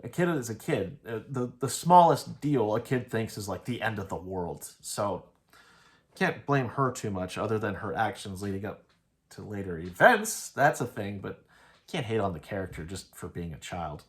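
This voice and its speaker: A man's voice: lowish voice, animated, normal speed. Rambling man breaking down an anime episode. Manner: rambling, loose retelling peppered with "like". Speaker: anime reviewer. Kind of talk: casual episode analysis.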